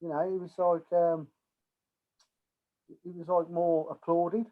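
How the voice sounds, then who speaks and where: High-voiced man on a tinny line. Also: level tone, takes it slowly. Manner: candid, chatty, laughs between phrases. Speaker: guest, scaffolder. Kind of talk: casual chat. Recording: tinny phone-like sound.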